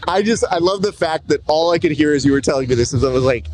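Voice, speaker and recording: A man from Southern California interviewing a fighter in casual, joking banter, telling animated stories. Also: on the high side, fast, few pauses, faint music behind.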